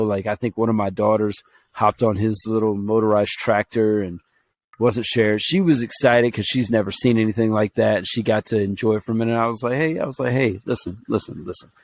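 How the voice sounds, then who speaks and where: Earnest rambling man from Alabama. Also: fairly low pitch. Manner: earnest, rambling, with many fillers and restarts. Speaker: podcast co-host. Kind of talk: casual podcast storytelling.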